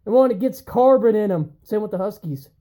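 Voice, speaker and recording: Brash male vlogger, rambling and profane, dark mellow tone. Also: high-pitched, expressive, fairly quick, poor audio. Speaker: chainsaw collector vlogger. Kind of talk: casual vlog rant.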